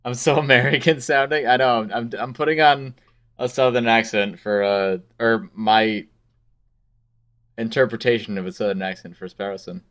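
A man's voice: mid-range voice, moderate pace, a bit bright. A man chatting casually with viewers and his co-host during a game stream. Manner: casual, chatty, fillers and restarts.

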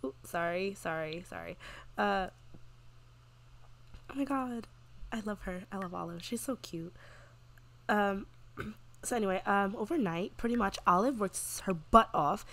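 A woman's voice: medium pitch, normal speed, fairly bright tone. Gushing woman narrating her gameplay. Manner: chatty, gushing, frequent "like" fillers. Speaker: gaming channel host. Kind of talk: casual gameplay commentary.

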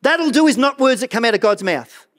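A middle-aged man preaching a sermon as pastor of a church, earnest and animated, often stumbling and repeating words. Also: extremely high pitch, a little fast.

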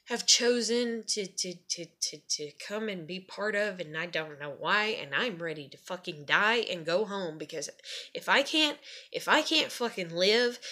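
A woman's voice: medium pitch, pushed and bright. A young woman venting about her family in a rambling, bitter personal rant full of swearing. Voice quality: swears heavily, rambling and repetitive. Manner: frustrated, bitter. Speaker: vlogger.

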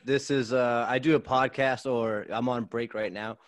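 A young adult man chatting as a podcast guest, upbeat and energetic, laughing a lot and using slang, from his home podcast studio. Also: medium pitch, moderate pace, no echo. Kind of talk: casual chat.

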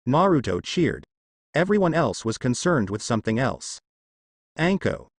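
A man narrating a fan story aloud in a steady storytelling manner, close to the mic. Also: medium pitch, moderate pace, slightly rough, dry recording.

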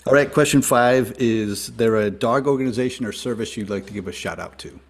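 A man's voice: mid-range voice, a little fast. A man hosting a podcast, asking numbered questions in a friendly, casual way with brief backchannels. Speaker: podcast host.

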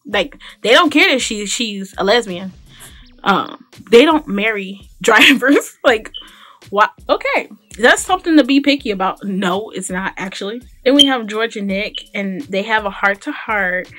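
A woman's voice: medium pitch, fairly bright tone. A woman giving a casual, opinionated recap of a TV episode as a voice-over for her gaming video, chatty, full of fillers and restarts.

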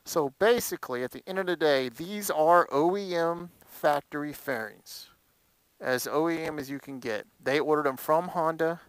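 A man's voice: a little high, moderate pace, clean tone, dry recording, low-quality recording. A man vlogging casually about his motorcycle, rambling with lots of fillers and telling his story with animation. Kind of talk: casual chat.

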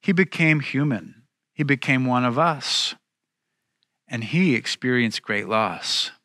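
Male pastor, bright forceful tone, earnest sermon delivery, dry close sound. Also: mid-range voice, animated, no room sound. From United States. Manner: earnest, emphatic preaching with slowed key phrases. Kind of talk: sermon with scripture reading.

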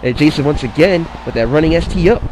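A man giving casual play-by-play commentary on a wrestling video game match, excitable and swearing, drifting into rambling asides. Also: fairly high pitch, fast talker, slight background noise, rough recording.

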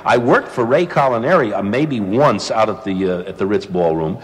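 Brief: man, lively swooping delivery, jokey raconteur, long reverb tail on the voice. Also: on the low side, normal speed. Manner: animated, joking, laughs often. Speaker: former radio host, now actor. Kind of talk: casual studio chat, storytelling. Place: radio studio.

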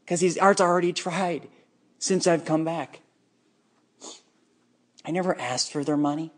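A man's voice: fairly high pitch, a little slow. Bitter, intense man in a monologue. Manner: bitter, intense, emotionally charged. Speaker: speaker recounting his own life. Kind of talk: unscripted personal monologue.

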